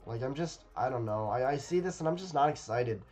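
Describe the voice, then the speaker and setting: A man's voice: mid-range voice, lively intonation, a little fast, darkish tone, soft background music. Rambling man reacting casually. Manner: rambling and hesitant, many fillers and repeats. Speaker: video creator reacting to a game trailer. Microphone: webcam setup.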